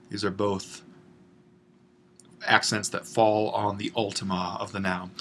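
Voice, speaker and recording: A man with a fairly low voice walks students through a grammar exercise in a patient, explanatory way. He stops and restarts often and fills gaps with little "uh"s as he thinks aloud. A faint hum of room ambience sits under the voice. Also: fairly bright tone. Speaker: Greek instructor. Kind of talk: online grammar lesson.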